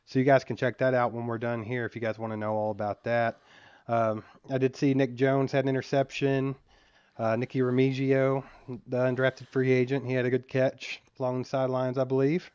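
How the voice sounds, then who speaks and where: A man's voice: mid-range voice, level tone, brisk, a little mellow, smooth, no room sound, dull audio. A man co-hosting a sports podcast, easygoing in casual chat and laughing often. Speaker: podcast co-host.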